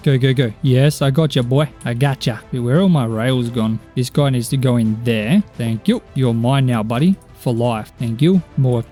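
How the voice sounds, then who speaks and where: A young man giving excitable gameplay commentary as a video game streamer, often exclaiming and talking to the characters in the game. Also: mid-range voice, moderate pace, hardly any pauses, soft background music. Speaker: Minecraft YouTuber.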